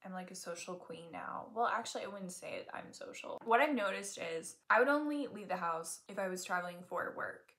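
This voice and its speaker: Chatty woman with gravelly fry. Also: medium pitch, animated, brisk, hardly any pauses, a bit bright. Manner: rambling, self-mocking, jokey asides. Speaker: beauty vlogger. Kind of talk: chatty get-ready-with-me makeup talk. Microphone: tablet camera.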